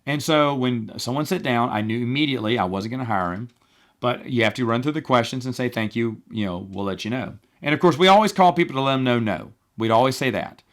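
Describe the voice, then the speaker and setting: A middle-aged man hosting a podcast, telling work stories in a casual, animated way with wry, exasperated asides, acting out the people he quotes. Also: mid-range voice, fairly quick. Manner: animated, acts out quoted people in changed voices. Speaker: podcast host. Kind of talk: casual storytelling monologue.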